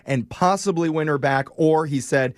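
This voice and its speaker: A man's voice: on the high side, moderate pace, no echo. A man co-hosting a morning radio show, teasing and sarcastic in playful studio banter.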